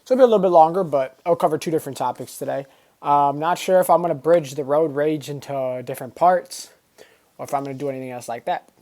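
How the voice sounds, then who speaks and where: A man's voice: on the high side, fast, a little mellow. A man talking casually to camera in a vlog, rambling with lots of fillers and slang. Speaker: vlogger.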